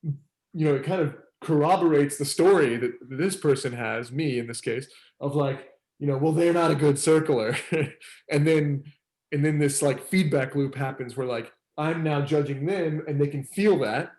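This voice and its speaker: A man facilitating a circling group, talking in a relaxed, rambling way with many fillers and laughs. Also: fairly high pitch, moderate pace, echoey room. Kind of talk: casual teaching talk.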